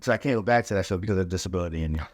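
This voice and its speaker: A man, a podcast guest, telling his story in a relaxed, casual way with many fillers, and growing animated as he relives the events. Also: rapid-fire, dry recording, studio quality. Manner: animated, rising pitch when reliving events.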